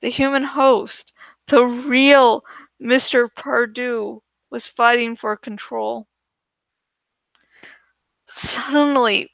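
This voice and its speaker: Slow, bright-voiced woman reading aloud. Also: sits high, gravelly, no room sound. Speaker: audiobook reader. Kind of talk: first-person audiobook narration.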